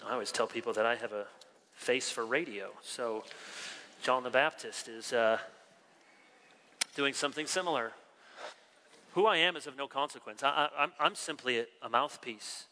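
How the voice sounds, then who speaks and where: A man preaching a sermon, animated, acting out the quoted dialogue of his story. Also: medium pitch, normal speed, long pauses. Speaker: pastor. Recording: long reverb of a large hall.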